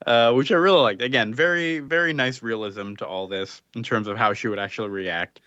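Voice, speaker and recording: A man's voice: medium pitch, brisk, sharp tone, no echo, dull audio. A man co-hosting a casual comics podcast, recapping the plot loosely with lots of fillers. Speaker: podcast co-host.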